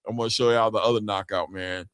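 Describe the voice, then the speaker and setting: Excitable boxing host, dry close voice. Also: male voice, fairly low pitch, fast talker, clean tone, no echo. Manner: excitable, hollers and drawls reactions. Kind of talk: casual chat while replaying fight clips.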